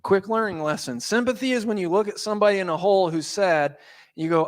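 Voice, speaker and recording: A man pastor giving a sermon, telling the story with animated voices and asides. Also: sits high, quick pace. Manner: animated storytelling, acting out quotes.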